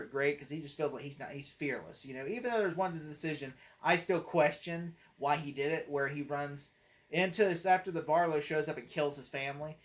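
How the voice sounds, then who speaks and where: Rambling man giving a casual movie review. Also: a little high. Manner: rambling, full of "like" and "you know", often breaks into laughter. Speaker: movie critic and channel host.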